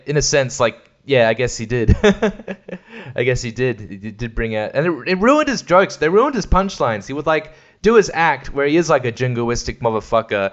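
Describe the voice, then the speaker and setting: A man's voice: mid-range voice, lo-fi sound. A man talks alone on his podcast. He rambles, swears a lot, laughs often and mimics voices. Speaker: podcast host. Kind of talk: casual solo chat.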